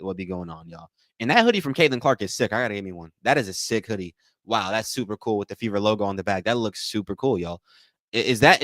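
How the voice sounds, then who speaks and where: A man's voice: mid-range voice, fairly bright tone, no room sound, studio quality. A man hosting a live watch-along, giving casual play-by-play and chatting with viewers, often repeating himself and calling them y'all. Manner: repetitive, addresses chat as y'all, thanks donors. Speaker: livestream host.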